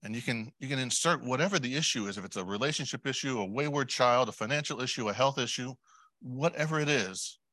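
A man preaching a sermon in a conversational way, putting questions to the congregation, adding asides and clearing his throat often. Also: medium pitch, fast talker, sharp tone, no room sound. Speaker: lay preacher.

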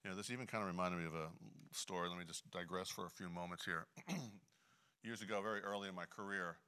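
A middle-aged Bible teacher preaches a conversational sermon that includes a personal story, his voice deep but bright. He's folksy and chatty, dropping lots of "you know" fillers and clearing his throat often.

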